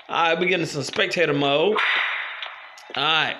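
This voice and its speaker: Excitable male game commentator, high voice, noisy mix. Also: moderate pace. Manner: loud exclamations and cursing at the game. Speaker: gaming channel host.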